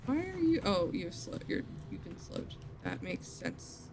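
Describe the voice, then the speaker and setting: A woman's voice: mid-range voice, huge pitch swings, a little slow, noisy background. A woman streamer chatting casually and thinking aloud while playing a game. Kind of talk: casual gameplay commentary.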